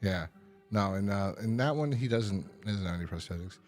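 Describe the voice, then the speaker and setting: Soft music plays behind a man co-hosting a podcast in a casual review chat. His voice is on the low side and a little mellow, animated and brisk, as he rambles through stories and laughs a lot.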